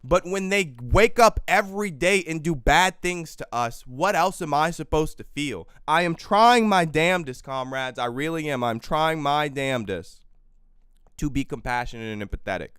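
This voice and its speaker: A man's voice: on the high side, lively intonation, moderate pace, fairly bright tone, clean tone, dry recording, clean studio sound. A man hosting a live podcast in a heated rant, fiery and profane, repeating phrases for emphasis into his microphone. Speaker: livestream podcast host. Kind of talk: heated political livestream rant. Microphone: microphone he yells at.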